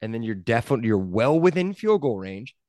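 A man's voice: mid-range voice, sing-song, quick pace, mellow, no room sound. Emphatic man in a dry room. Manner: emphatic, repeats himself, argues points. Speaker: podcast co-host. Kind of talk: casual sports chat.

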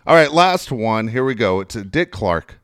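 A man hosting a podcast quiz segment, teasing his co-host in a quick, matter-of-fact way. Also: medium pitch, big pitch swings, clean tone, no room sound, clean studio sound. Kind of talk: casual podcast banter.

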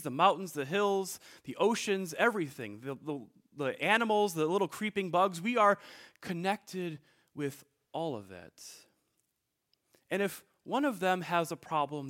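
A male pastor gives a sermon in a warm-paced, conversational storytelling style. His voice sits a little high and moves in a very animated way, and he often turns to the congregation with asides.

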